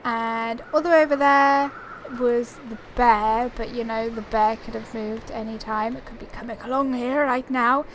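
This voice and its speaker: A woman's voice: a little high, steady tone, normal speed, a little hiss or hum. A young woman chatting casually as she plays a survival video game, rambling and thinking aloud at her computer. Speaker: gaming channel host. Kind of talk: casual gameplay commentary.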